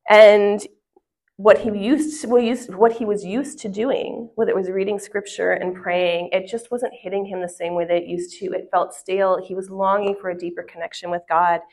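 A mid-range, darkish female voice holds a steady tone at a moderate pace. Before a live audience in a church hall, this women's ministry speaker teaches conversationally, putting questions to the group and sharing a family story.

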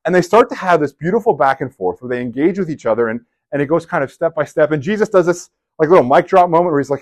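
A man giving a sermon in a conversational, animated storytelling way, with casual asides to his listeners. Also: on the high side, fast talker, hardly any pauses. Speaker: preacher.

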